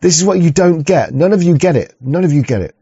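A man's voice: on the high side, lively intonation, quick pace, mellow, husky, no echo. A man ranting in profane, rambling commentary, with many restarts and mocking voices. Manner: rambling, swearing, frequent restarts, mock voices. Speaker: streamer reacting to a video. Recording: dull lo-fi sound.

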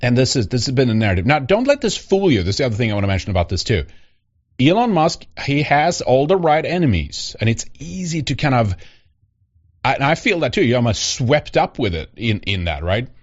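A male podcast host rambles through opinionated chat, sarcastic and quick to laugh. His pitch swings widely, and the audio is dull and lo-fi. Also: big pitch swings.

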